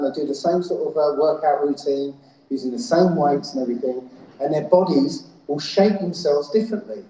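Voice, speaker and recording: A man's voice: fairly high pitch, dark tone, slight background noise. Guy giving a talk in a big echoey hall, keeps saying "right?" to the crowd. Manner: asks the crowd "yeah?" and "right?" constantly. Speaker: conference speaker. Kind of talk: live talk to an audience. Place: festival hall.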